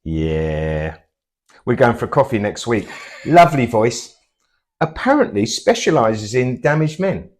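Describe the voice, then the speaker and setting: A man's voice: medium pitch, big pitch swings, a little slow, a little mellow. A man with a Portsmouth English accent, bantering and teasing with dry quips in a comic sketch. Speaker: comedy double-act host.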